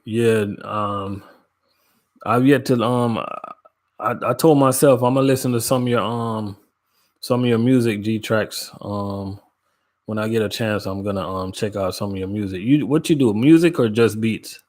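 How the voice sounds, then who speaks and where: A man's voice: lowish voice, normal speed, a little mellow. A man from Jamaica hosting a casual livestream, chatting in laid-back slang, greeting viewers by name and laughing often. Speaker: livestream host. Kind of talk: casual live chat with viewers.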